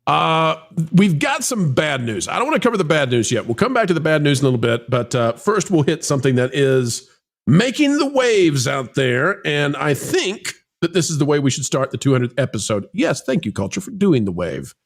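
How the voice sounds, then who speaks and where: A man's voice: on the high side, moderate pace, gravelly. A man hosting a casual entertainment news podcast, joking with guests and reading headlines aloud. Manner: animated, jokey, reads headlines aloud. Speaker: podcast host.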